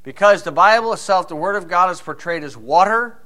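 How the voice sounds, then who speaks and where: A man's voice: high voice, animated, brisk, sharp tone. A man teaching through Bible verses in a conversational way, asking rhetorical questions and telling personal stories.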